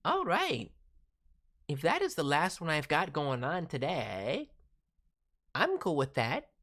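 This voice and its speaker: Casting: bouncy, teasing woman streamer, low voice with a wide pitch range. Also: huge pitch swings, slow, fairly bright tone. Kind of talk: casual live-stream chat.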